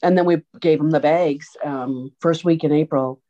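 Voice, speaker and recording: A woman telling stories in an interview, lively, acting out the voices of the people she quotes. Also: sits low, normal speed. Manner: animated storyteller, acts out quoted voices. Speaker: guest, autism program organizer. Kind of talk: storytelling interview answers. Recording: dull lo-fi sound.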